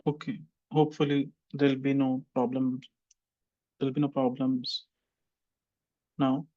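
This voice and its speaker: A man's voice: mid-range voice, little pitch movement, a little slow. Teasing male teacher on a muffled call. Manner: chatty, teasing. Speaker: English exam teacher. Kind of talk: online group class feedback. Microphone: video call.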